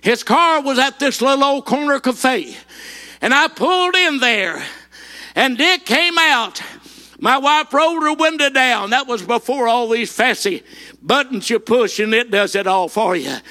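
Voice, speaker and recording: A man preaching a folksy sermon. His voice sits very high and sounds bright and cutting. He tells plain personal stories, then punches the big lines out in a shout. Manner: folksy storytelling, rising into shouted emphasis.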